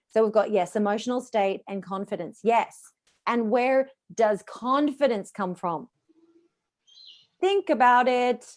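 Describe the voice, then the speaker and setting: A middle-aged Australian woman, a voice coach, speaking expressively as a guest on a live video call. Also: fairly high pitch. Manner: expressive, demonstrates voices while teaching.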